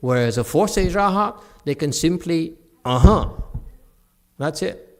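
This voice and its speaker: A middle-aged man giving a dharma talk with questions and answers, animated, laughing and acting out quoted voices. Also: a little high, unhurried. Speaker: meditation teacher.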